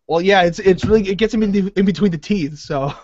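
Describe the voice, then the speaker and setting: A man's voice: high-pitched, fast, a little mellow, no room sound, lo-fi sound. A man hosting a podcast in casual, rambling chat with many fillers. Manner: rambling, lots of "like", jokey. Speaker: podcast host.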